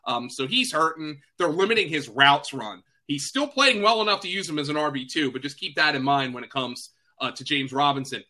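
Male fantasy analyst, chatty podcast delivery, very bright tone, slightly high voice. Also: lively intonation. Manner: quick, chatty, self-deprecating, many fillers and restarts. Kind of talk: casual sports podcast chat.

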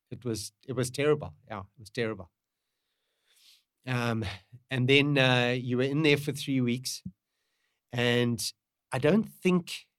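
A man's voice: medium pitch, dry recording, studio quality. Emotional middle-aged father. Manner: halting, emotional, repeats himself. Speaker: parent, podcast guest. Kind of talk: candid conversation.

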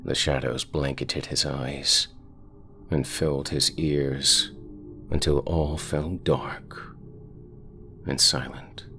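Deep gravelly guy telling a creepy horror story, slow and brooding. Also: level tone, pushed and bright, faint music behind. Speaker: narrator. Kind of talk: scripted horror narration.

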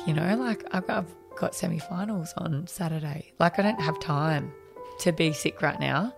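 A woman's voice: sits low, normal speed, gravelly, over music. An Australian woman in her thirties, a podcast guest frankly telling a personal story in a conversational way, acting out what people said. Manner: frank, conversational, reenacts dialogue with many fillers.

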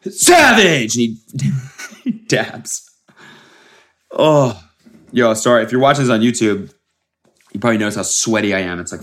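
A man hosting a podcast, ranting casually and mockingly, with frequent swearing, from a very hot room. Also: fairly low pitch. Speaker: podcast host. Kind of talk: casual solo rant.

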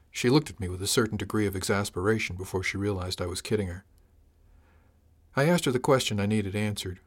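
A man reading a first-person story aloud as audiobook narrator, wry and even. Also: lowish voice, fast.

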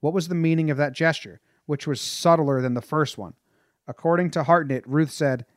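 A man's voice: a little high, moderate pace, no echo, clean studio sound. A man reading a history passage aloud and breaking off into loose, casual comments as a podcast host.

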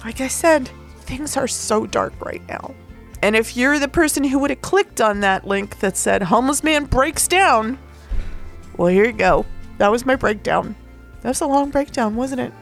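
A woman hosts her own podcast and tells a personal story in a loose, rambling monologue. Her voice sits a little high and carries a gravelly, fry-edged texture. She speaks candidly and emotionally, with the odd casual curse. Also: normal speed, soft background music. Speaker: podcast host.

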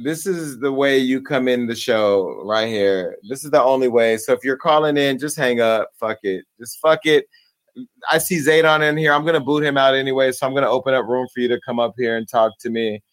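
A man hosting a talk show in casual chat, joking and cursing through rapid banter. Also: medium pitch.

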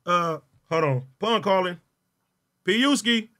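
A man hosting a solo livestream, talking loud and profane with frequent laughter. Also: high-pitched, expressive, slow. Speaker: livestream host. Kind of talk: casual solo livestream chat.

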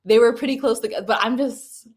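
A woman's voice: on the high side, quick pace. A young adult woman telling a personal story casually, with frequent laughs, fillers and restarts. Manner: chatty, laughing often, many fillers and restarts. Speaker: mother telling her birth story.

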